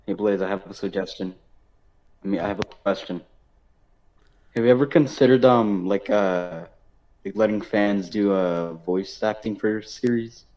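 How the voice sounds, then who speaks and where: A man's voice: lowish voice, normal speed, warm tone, rough recording. A man on a casual group voice call, crude and trolling, rambling along with lots of fillers.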